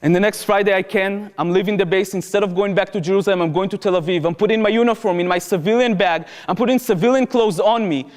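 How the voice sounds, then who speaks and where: A man's voice: high voice, fast talker, hardly any pauses. A man tells a personal story in an earnest, vivid way, with slightly phrasing. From Israel. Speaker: public speaker, former soldier. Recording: reverberant hall.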